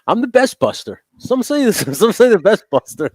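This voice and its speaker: A man's voice: high-pitched, big pitch swings, normal speed, slightly rough, dry recording, clean studio sound, pitched above the performer's own voice, heavily acted. A man doing a bragging politician. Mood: boastful. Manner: bragging, repetitive. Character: boastful male politician impression.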